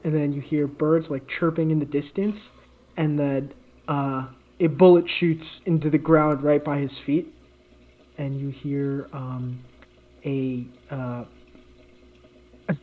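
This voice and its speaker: A man's voice: on the high side, little pitch movement, slow, pauses often. A man co-hosting a podcast, telling a made-up story in casual chat with lots of fillers and restarts. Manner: rambling, many fillers and restarts. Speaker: podcast co-host. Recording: tinny phone-like audio.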